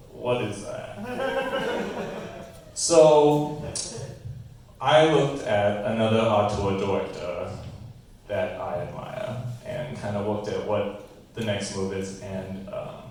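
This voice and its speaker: A comedian on a live comedy stage, playing a pompous, self-satisfied male TV auteur with a slow, deadpan manner. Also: lowish voice, slight background noise. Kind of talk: live stand-up character bit. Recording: echoey club room, voice from far off the mic.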